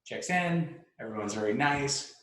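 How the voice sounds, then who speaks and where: A man's voice: mid-range voice, expressive, a little slow, fairly bright tone. Rambling storyteller man in an echoey room. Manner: rambling, with restarts, laughs and swearing. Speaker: podcast host telling a story. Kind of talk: casual storytelling. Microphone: laptop mic.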